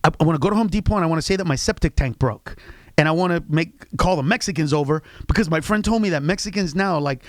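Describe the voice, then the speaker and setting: A comedian from Honduras, a man, telling animated stories as a guest on a radio show and jumping into loud impressions of the people he describes. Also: on the high side, quick pace, dry recording. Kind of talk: radio interview banter. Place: radio studio.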